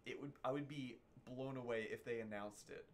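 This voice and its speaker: Animated man chatting about games. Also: medium pitch, moderate pace, a little hiss or hum. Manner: animated, rambling storyteller. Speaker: podcast guest, streamer. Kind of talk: casual podcast chat.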